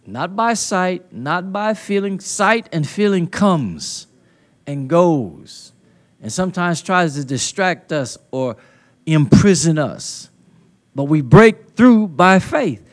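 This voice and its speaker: A man preaching a sermon at a conference into a handheld mic, building to loud emphatic call-and-response peaks with folksy, colloquial phrasing. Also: high voice, lively intonation, slow pace. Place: conference hall.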